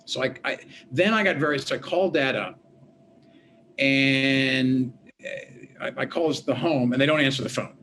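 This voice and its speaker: A man, a former politician and law professor, recounting events as an interview guest in a lively storytelling manner, acting out the dialogue he quotes. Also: mid-range voice, moderate pace, pauses often, a little hiss or hum. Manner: animated, acts out quoted dialogue. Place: home office at a desk.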